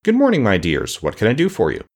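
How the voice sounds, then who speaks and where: A man's voice: lowish voice, wildly swooping pitch, fast, darkish tone, heavily acted. A man reading aloud and voicing a pleasant but flustered male gatekeeper in a storybook. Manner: fussy and scandalized.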